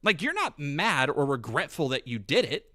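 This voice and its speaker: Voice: mid-range voice, big pitch swings, sharp tone. A streamer ranting heatedly and profanely on their stream. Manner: profane, heated, fast rant. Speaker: commentary streamer.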